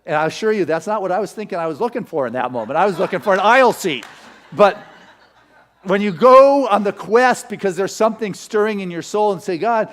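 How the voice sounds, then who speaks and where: A male minister preaching a sermon, retelling a legend as a story and firing off rapid rhetorical questions. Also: sits high.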